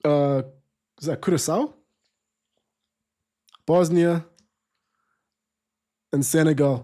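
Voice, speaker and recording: Brief: male streamer with a slightly high voice, casual football commentary, lots of restarts. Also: moderate pace, darkish tone. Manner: chatty, restarts sentences, reads viewer comments aloud. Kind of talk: live stream commentary and chat.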